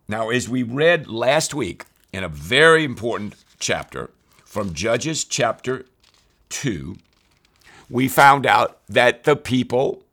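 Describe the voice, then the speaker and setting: A man's voice: mid-range voice, a bit bright. Earnest man teaching a Bible lesson. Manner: earnest, repeats key phrases for emphasis; dramatizes quoted scripture with rising intensity. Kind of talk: weekly Bible study lesson.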